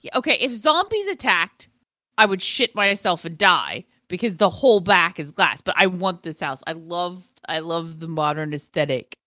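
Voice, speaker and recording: A woman co-hosting a casual chat, animated and swearing freely. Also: lowish voice, normal speed, no room sound, studio quality. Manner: animated, swears freely, slips into joking voices. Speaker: podcast co-host.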